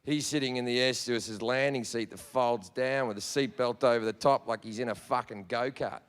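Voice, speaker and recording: An Australian man doing profane, animated stand-up storytelling on a theatre stage. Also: mid-range voice, a little fast, clear, resonant tone. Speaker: stand-up comedian.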